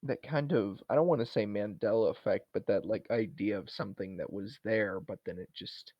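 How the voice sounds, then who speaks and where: Brief: male podcast co-host, lowish voice, casual rambling recaps, dull dry recording. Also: moderate pace, no echo. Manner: rambling retelling with many fillers. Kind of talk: casual chat.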